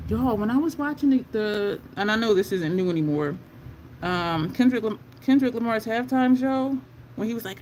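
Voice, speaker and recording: A woman's voice: a little high, moderate pace, darkish tone, a little hiss or hum. A woman chatting casually as she does her makeup on a livestream, rambling through stories and talking to viewers. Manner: chatty, rambling storyteller, Southern-style "y'all" slang. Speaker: makeup vlogger.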